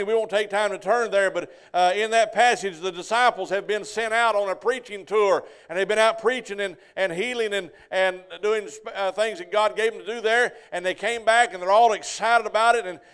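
Folksy preacher with a high voice. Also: male voice, moderate pace, hardly any pauses, a bit bright, clean tone. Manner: folksy storytelling, asks the congregation "Amen?". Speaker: pastor. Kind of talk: sermon.

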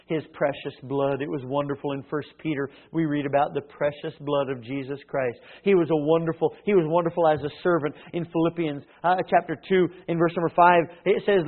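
A man preaching a sermon, swinging from loud emphatic lines to hushed ones and acting out little dialogues. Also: fairly high pitch, steady tone, fairly quick, hardly any pauses. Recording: tinny phone-like sound.

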